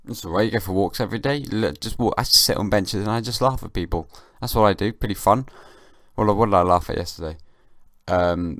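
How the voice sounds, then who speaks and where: Young guy hosting his own podcast at home, half-asleep, deadpan rambling comedy; low voice, dry room. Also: no echo. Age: young adult. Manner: rambling, deadpan comic musing. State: sleepy, just woken. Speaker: podcast host. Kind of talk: casual solo monologue. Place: at home, downstairs.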